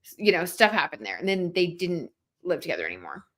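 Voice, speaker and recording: A woman's voice: fairly low pitch, very animated, fast talker, fairly bright tone. A young woman hosting a livestream tarot reading, chatting casually and reading viewer comments aloud with many "like" fillers. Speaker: tarot reader and livestream host.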